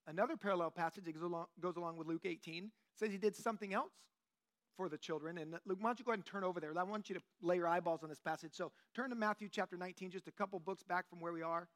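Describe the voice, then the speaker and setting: Leading a church group study in a church meeting room, a lay teacher in his 40s, close to fifty, speaks in a voice high for a man. His teaching is relaxed, joking, and conversational, full of fillers, like chatting with friends.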